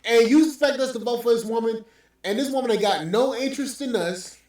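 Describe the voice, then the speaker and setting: High-voiced man ranting in an echoey room. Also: a little fast, a little mellow. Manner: profane, ranting, scornful. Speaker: podcast host. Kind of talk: heated podcast commentary. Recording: very echoey room, mic at distance.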